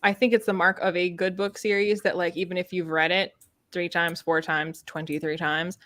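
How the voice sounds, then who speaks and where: A woman's voice: fairly low pitch, flat delivery, normal speed, fairly bright tone, no echo. Woman book-channel host, casual chat, rambling and filler-heavy, dry sound. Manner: chatty, rambling, many fillers. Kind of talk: casual live chat about books.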